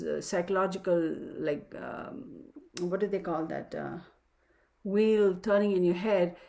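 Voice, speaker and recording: A woman at a mid-range pitch gives a loose, conversational weekly horoscope. She talks frankly and plainly, in a chatty way, and often acts out quick exchanges with imagined people. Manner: chatty, frank, slips into mock dialogues. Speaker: astrologer giving weekly sign readings. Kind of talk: casual chatty astrology forecast.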